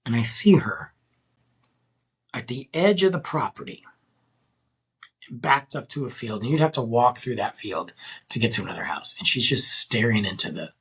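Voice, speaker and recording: A man's voice: medium pitch, normal speed, long pauses, husky. A man hosting a podcast, telling a story in a chatty, casual way and talking straight to his listeners. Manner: animated, chatty, addresses listeners as guys. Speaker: podcast host.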